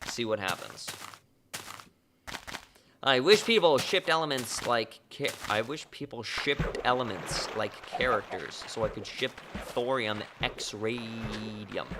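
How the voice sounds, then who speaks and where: A man's voice: mid-range voice, noisy background. A man live streaming a game, chatting casually and joking offhand in reply to his chat.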